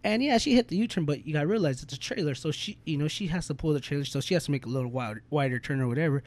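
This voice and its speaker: A man's voice: a little high, racing, darkish tone. A young man in casual podcast chat, venting in a heated, profane, slangy way.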